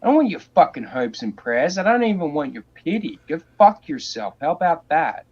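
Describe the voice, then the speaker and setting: Dude ranting and cussing nonstop on a podcast, kinda muffled lo-fi sound. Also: male voice, fairly high pitch, sing-song, normal speed, husky. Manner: crude, heated, swears constantly. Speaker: podcast host. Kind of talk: profane rant. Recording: dull lo-fi sound.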